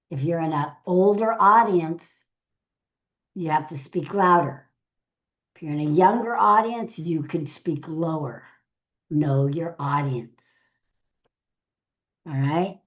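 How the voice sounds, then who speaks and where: A woman's voice: on the low side, muffled recording. A middle-aged woman, a speaker trainer, teaching a live session, going through numbered tips and repeating each key phrase.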